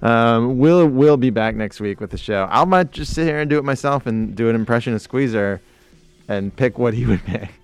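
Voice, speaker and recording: A man's voice: mid-range voice, moderate pace, smooth, no echo, faint music behind. A man hosting a podcast in casual chat, bantering and joking with his co-host. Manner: joking banter, slips into mock voices.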